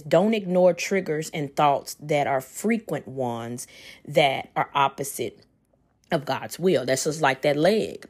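A woman giving an informal sermon, animated and excited, with casual slang. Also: on the low side. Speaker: preacher.

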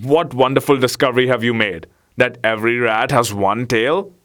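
A man's voice: mid-range voice, moderate pace, fairly bright tone, lightly acted. A man voicing a hungry, eager male pet dog who growls and grumbles in a storybook reading. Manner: gruff, eager.

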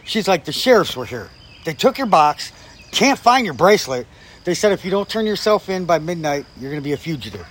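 A man's voice: on the high side, sing-song, fairly quick, fairly bright tone, slight background noise. A man telling a story in casual chat, swearing freely and acting out what people said. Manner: profane, acts out quoted people. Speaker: guest storyteller.

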